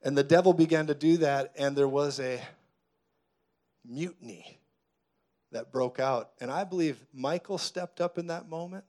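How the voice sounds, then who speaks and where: A man preaching a sermon with a fairly high voice. He tells the story softly and dramatically, then builds to loud, fervent, repeated declarations. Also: a little slow. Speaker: pastor.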